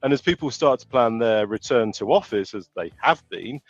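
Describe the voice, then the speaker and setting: A British man from the UK, a product director joining a podcast remotely, talking in a relaxed, joking way with many fillers. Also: mid-range voice, normal speed, dry recording, muffled recording. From United Kingdom. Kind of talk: casual interview chat.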